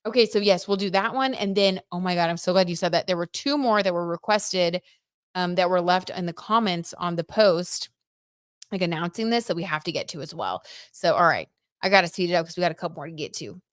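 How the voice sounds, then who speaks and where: A young woman casually chatting on a livestream, reading out viewer comments and reacting excitedly while doing tarot. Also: fairly low pitch, a little fast, no echo, clean studio sound.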